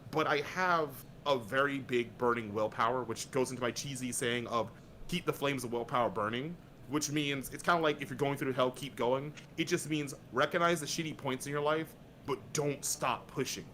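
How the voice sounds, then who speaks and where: A man's voice: medium pitch, normal speed, a bit bright, a little hiss or hum. A man speaking as a podcast guest in casual chat, blunt and profane, talking straight over a VR headset mic.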